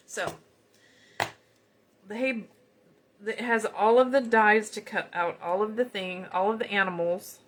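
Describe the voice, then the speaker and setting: A woman's voice: mid-range voice, fairly bright tone. A woman with a Southern US accent, chatting in a folksy way as she demonstrates card-making live. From United States. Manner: chatty, folksy, talks while working. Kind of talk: casual live crafting chat.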